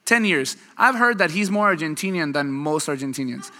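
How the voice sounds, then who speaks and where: A male pastor delivers a sermon in a loose, conversational manner, drawing his congregation into quick exchanges. His voice sits a little high and rings bright and forceful. The sound carries a long reverb from a large church hall. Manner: conversational, animated preaching with audience back-and-forth.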